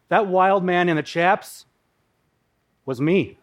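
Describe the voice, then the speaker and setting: A man in his thirties from the upper Midwest, telling a personal story on stage in a vivid, dramatic way with pauses. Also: high-pitched. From Minnesota, USA. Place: live talk on a stage.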